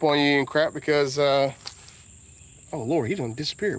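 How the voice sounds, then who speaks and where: A man with a Southern US accent rambling casually as a car vlogger outdoors, drawing out his words and breaking into sudden high exclamations. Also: animated, slight background noise. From Southern United States. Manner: laid-back, drawn-out talk with sudden high exclamations.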